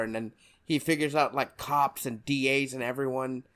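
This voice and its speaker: A man's voice: medium pitch, fairly even intonation, moderate pace, fairly bright tone. A male podcast co-host talking casually about a film, rambling and laughing often.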